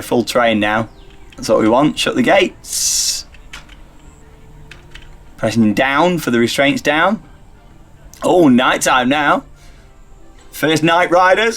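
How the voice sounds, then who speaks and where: Chatty man narrating a ride simulator. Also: mid-range voice. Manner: chatty, upbeat, talks himself through each step. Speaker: theme park YouTuber playing a ride simulator. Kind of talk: casual gameplay commentary.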